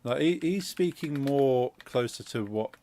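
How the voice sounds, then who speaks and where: A man's voice: mid-range voice, expressive, unhurried, warm tone, a little hiss or hum. A man with an English Midlands accent, hosting a game stream and chatting casually, rambling through explanations with lots of fillers. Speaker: streamer host. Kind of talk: casual chat while gaming.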